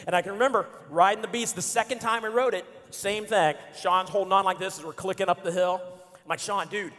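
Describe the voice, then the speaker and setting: A man's voice: sits high, quick pace. A man in his forties giving a playful storytelling sermon as a pastor, acting out his friends' lines. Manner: animated, playful, acts out friends' lines with shouts and laughs. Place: church auditorium. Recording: church hall reverb.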